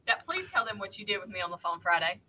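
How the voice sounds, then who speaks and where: A woman co-hosting a podcast, telling a lively story to friends and acting out what people said. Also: medium pitch, fast talker, low-quality recording. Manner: animated storyteller who acts out quotes. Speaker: podcast co-host. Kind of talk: casual chat among friends.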